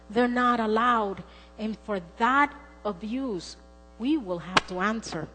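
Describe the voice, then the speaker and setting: This middle-aged woman preaches slowly in a fairly high, somewhat bright voice within a church sanctuary. Earnest and storytelling, she acts out the voices in her tales. The recording carries long church-hall reverb along with mains hum and faint music.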